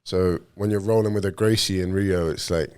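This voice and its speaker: A man's voice: deep voice, fairly even intonation, normal speed, darkish tone, clear, resonant tone. A man from London, a professional fighter, telling stories in casual podcast chat, swearing freely and calling people bro. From London, England. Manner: sweary, storytelling, says bro a lot. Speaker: podcast guest, MMA fighter.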